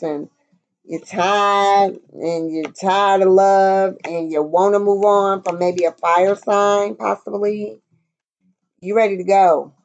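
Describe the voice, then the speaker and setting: A woman's voice: mid-range voice, a little mellow, muffled recording. A woman giving a casual, blunt tarot reading, chatty and profane, talking straight to her viewers. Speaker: tarot reader.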